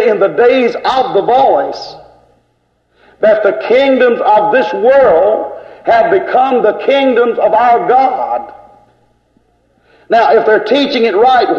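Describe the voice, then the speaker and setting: An older man preaching an emphatic, scolding sermon in a church. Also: sits high. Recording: echoey lo-fi church tape.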